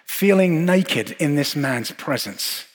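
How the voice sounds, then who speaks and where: Guy preaching a sermon, bit higher voice, husky, long echo like a big church hall. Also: animated. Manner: earnest, reflective, with measured pauses and repeated phrases.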